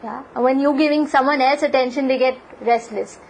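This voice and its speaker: High-voiced woman telling a sacred story. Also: a little fast, a little hiss or hum, low-quality recording. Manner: animated, frequent "you know" fillers. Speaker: lecturer. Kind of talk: devotional storytelling lecture.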